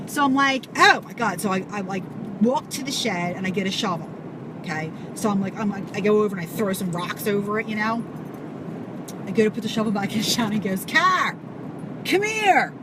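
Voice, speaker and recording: A woman's voice: medium pitch, fairly quick. Chatty New woman telling a story. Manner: animated, swearing, many fillers and asides. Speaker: vlogger. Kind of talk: casual storytelling to camera. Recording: audible background noise.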